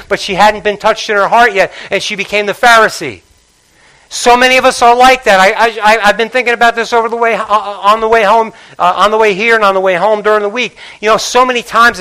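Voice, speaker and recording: A man's voice: high voice, sharp tone, poor audio. A man preaching a sermon from the pulpit as pastor, emphatic, repeating his phrases and prodding the congregation to respond.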